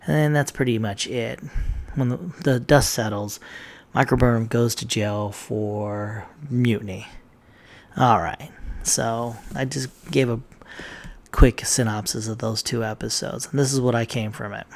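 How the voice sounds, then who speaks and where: A man's voice: medium pitch, steady tone, measured pace, gravelly. A man casually recapping TV episodes, rambling and swearing with plenty of ums and uhs. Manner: rambling, profane, lots of fillers. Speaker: TV recap vlogger.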